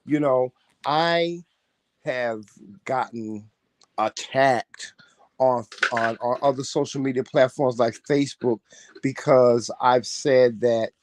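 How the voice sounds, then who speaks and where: A man's voice: mid-range voice, slow pace. A man in casual chat, talking animatedly in a preachy way and swearing freely. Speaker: co-host.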